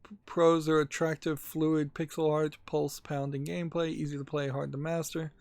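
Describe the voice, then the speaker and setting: Gravelly rambling man chatting games. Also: fairly high pitch, flat delivery, darkish tone, dry recording. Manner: rambling, halting, with many fillers and restarts. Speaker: gaming channel host. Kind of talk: casual game news commentary.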